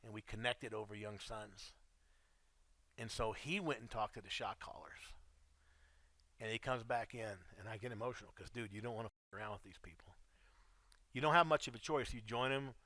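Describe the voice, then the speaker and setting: Forceful, blunt-talking middle-aged man. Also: mid-range voice, moderate pace, dry recording. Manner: blunt and profane, addresses listener as dude. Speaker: guest telling his life story. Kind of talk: casual storytelling.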